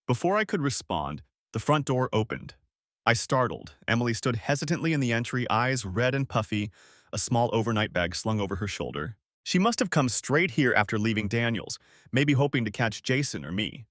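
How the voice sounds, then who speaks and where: A middle-aged man reading a first-person story as an audiobook narrator, steady and earnest. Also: mid-range voice, normal speed, dry recording, studio quality.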